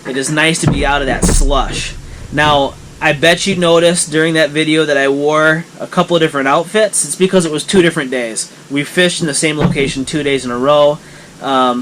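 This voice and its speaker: A man's voice: on the high side, fairly even intonation, moderate pace, fairly bright tone, slight background noise, rough recording. A man hosting a fishing show, explaining his gear in a casual, matter-of-fact way from a garage. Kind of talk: casual outdoor vlog narration.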